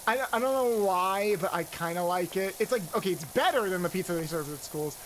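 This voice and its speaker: A woman's voice: on the low side, expressive, a little hiss or hum, rough recording. A woman hosting a live game stream, chatting casually with a co-host and greeting viewers. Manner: chatty, rambling, quick asides to chat.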